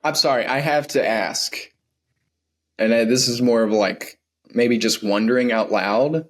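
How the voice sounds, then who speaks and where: A man co-hosting a podcast, spinning rambling jokes off whatever comes up. His voice sits at an ordinary middle pitch, and his delivery stays casual and conversational. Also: a little slow. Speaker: podcast co-host. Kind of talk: casual comedic chat.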